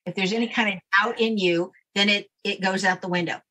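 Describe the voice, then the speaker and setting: A woman's voice: mid-range voice, fairly even intonation, brisk, pushed and bright. A woman guest explaining a daily routine step by step in a firm, instructive way during a casual interview. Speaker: guest, name expert.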